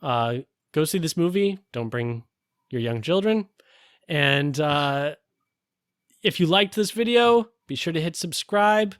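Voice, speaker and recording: A man's voice: on the high side, lively intonation, slow pace, a bit bright, smooth, no room sound, studio quality. A man co-hosting a film review podcast in casual chat, hesitant with many fillers and restarts. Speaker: podcast co-host.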